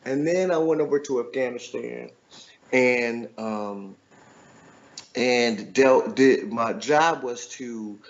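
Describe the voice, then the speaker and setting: A man's voice: mid-range voice, takes it slowly, muffled recording. A middle-aged man, an author and guest, telling a personal story in a loose, reflective way, often checking in with "right?".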